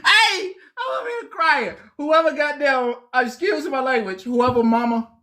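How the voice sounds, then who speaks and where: A woman's voice: high voice, moderate pace, sharp tone. A woman host, chatting live, laughing through her words, swearing and apologizing over and over. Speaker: online show host. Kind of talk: casual live-stream chat.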